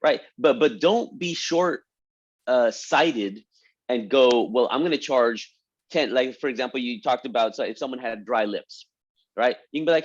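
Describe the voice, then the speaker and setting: A man with a mid-pitched voice hosts a conversational interview, enthusiastic and speaking straight to his viewers. His sound comes through muffled and lo-fi. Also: normal speed. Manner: enthusiastic, addresses the audience directly. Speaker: interview host. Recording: dull lo-fi sound.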